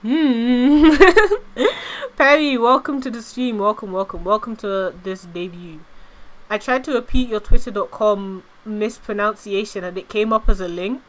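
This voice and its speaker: A woman's voice: fairly high pitch, a little slow. A young British woman chatting casually on a live stream, giggly and reading out chat. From Britain.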